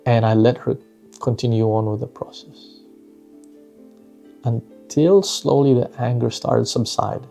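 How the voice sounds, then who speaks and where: Dad talking through a story about his kid, gravelly low voice, keeps saying "right?". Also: fairly even intonation, measured pace, pauses often, warm tone, soft background music. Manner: conversational, repeats "right?" and "you know". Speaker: father sharing a parenting story. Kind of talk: reflective storytelling talk.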